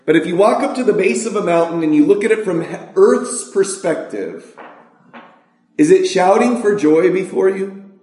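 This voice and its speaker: A man from California preaching a sermon, asking the congregation questions and reciting scripture slowly. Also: high-pitched, a little mellow, roomy sound. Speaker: pastor.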